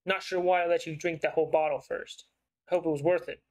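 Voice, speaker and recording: Brief: man voicing a smooth, persuasive investigative writer; slightly high, coaxing. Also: level tone, quick pace, darkish tone, close to an everyday voice, low-quality recording. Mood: probing. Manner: smooth-talking and probing.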